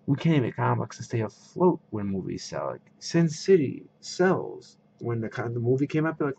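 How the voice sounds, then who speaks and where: A man's voice: medium pitch, very animated, a little fast, gravelly, dark tone, muffled recording, slight background noise. A man vlogging a casual rant to camera, retelling conversations with quoted voices.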